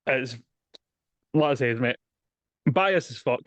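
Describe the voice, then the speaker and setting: A man's voice: medium pitch, lively intonation, slow pace, no echo. A man in casual, sweary film chat, rambling and dropping mate and aye, talking over a video call. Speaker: podcast co-host.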